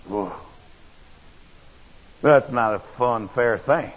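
A man's voice: mid-range voice, huge pitch swings, slow pace, pauses often. A man preaching a sermon, telling a personal story in a folksy, blunt and emphatic way. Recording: dull lo-fi recording.

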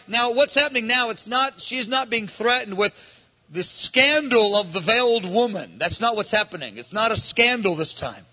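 A man's voice: very high voice, pushed and bright, dull audio. A man preaching a sermon in an earnest manner, acting out dialogue and repeating phrases, recorded in a large church hall. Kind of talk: sermon teaching.

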